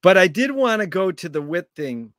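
A man with a somewhat raised pitch hosts a relaxed interview, cheering on answers with casual praise. His delivery is eager and affirming. The recording is dry and close. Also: moderate pace, no echo. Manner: enthusiastic, affirming, casual slang. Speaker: interview host. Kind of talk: casual conversation.

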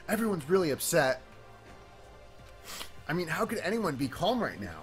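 A man's voice: fairly high pitch, normal speed, pauses often, faint music behind. A man reading a visual novel aloud, doing voices for the characters with casual asides. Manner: lively, asides and self-corrections between lines. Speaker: game streamer reading and voicing a visual novel.

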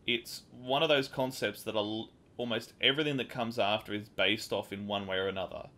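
A man's voice: fairly low pitch, fairly even intonation, brisk, sharp tone. An Australian man hosting a casual podcast, rambling with fillers and laughing often. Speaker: podcast host.

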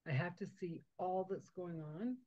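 A woman hosting a conversational interview, telling stories with lively acted-out dialogue. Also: lowish voice, a little slow. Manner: animated storyteller, acts out quoted dialogue. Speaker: podcast host. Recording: dull lo-fi audio.

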